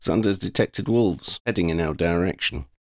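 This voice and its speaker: A man voicing a sensible young wizard who leads the group, firm and commanding, a little higher than his own voice. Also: moderate pace, darkish tone, no room sound, clean studio sound.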